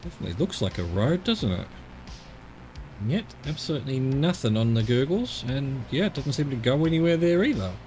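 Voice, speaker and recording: A man's voice: medium pitch, sing-song, fairly quick, a little mellow, a little hiss or hum. An Australian man streaming a game, chatting casually and rambling to himself as he explores. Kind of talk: casual live-stream commentary.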